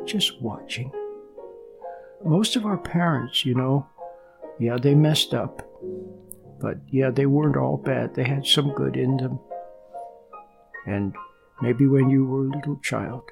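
A man giving a gentle spoken sermon as a spiritual teacher, soft and unhurried, at times dropping almost to a whisper. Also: medium pitch, gravelly.

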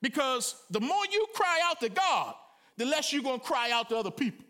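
A middle-aged man preaching a sermon in a colloquial, animated way, breaking into loud cries and acted-out quotes. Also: very high-pitched, fairly quick. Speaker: pastor.

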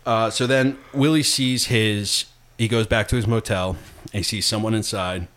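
A man's voice: lowish voice, steady tone, normal speed, fairly bright tone. A young man hosting a casual chat, recapping a film scene by scene, swearing and laughing a lot. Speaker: podcast host.

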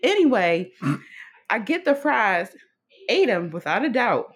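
A woman's voice: a little high, big pitch swings, measured pace, husky. A woman co-hosting a podcast in casual chat, laughing often, swearing and telling stories with energy. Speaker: podcast co-host.

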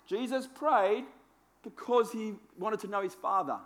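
A man's voice: high voice, a little slow, a bit bright. A man preaching a sermon in a conversational, self-deprecating way, repeating phrases for emphasis. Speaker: pastor.

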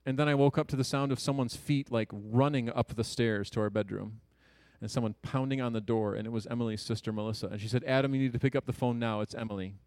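A man in his thirties telling a personal story to an audience in an earnest, conversational way, with quick jokes and hushed asides. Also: medium pitch, fairly even intonation, no echo. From Ohio, USA.

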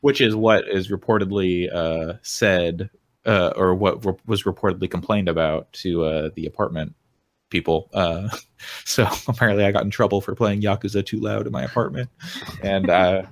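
Young man, very deep voice, casual podcast chat, dry close sound. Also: moderate pace, vocal fry, no echo. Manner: relaxed storyteller, laughs often. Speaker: podcast co-host.

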